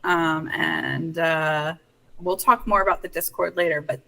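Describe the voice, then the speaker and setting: A bright, forward-sounding woman co-hosting a casual live stream. She jokes, teases and swears freely, talking in an easy chat style. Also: low voice, fairly even intonation, measured pace, poor audio. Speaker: co-host of fan live stream.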